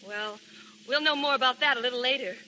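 A woman's voice: high-pitched, quick pace, noisy background, close to an everyday voice. An actress playing a shy, earnest young shop girl in a 1930s radio drama. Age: young adult.

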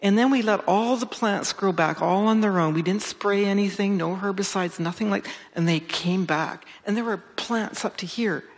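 A woman forest researcher and author answering interview questions with enthusiasm, restarting phrases and jumping up in pitch when excited. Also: moderate pace, few pauses. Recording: long hall reverb.

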